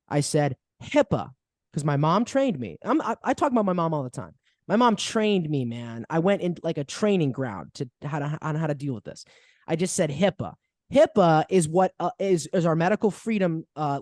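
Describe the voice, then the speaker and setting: A man hosting a podcast, talking in a heated, mocking way. His pitch leaps around with loud jabs and low, quiet asides. The close mic sounds dry. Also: no echo. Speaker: podcast host. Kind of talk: animated storytelling chat.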